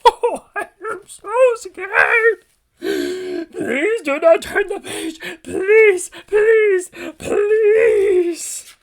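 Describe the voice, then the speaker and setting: A man's voice: very high-pitched, huge pitch swings, a little slow, pitched above the performer's own voice, full character voice. A man voicing a lovable, anxious old male furry monster in a children's storybook read-aloud, pleading frantically in formal speech without contractions. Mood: panicked.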